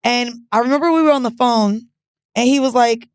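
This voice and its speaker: A woman co-hosting a podcast, telling a personal story in a candid, animated way. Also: on the high side, a little fast, smooth, dry recording, studio quality. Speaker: podcast co-host. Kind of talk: casual chat.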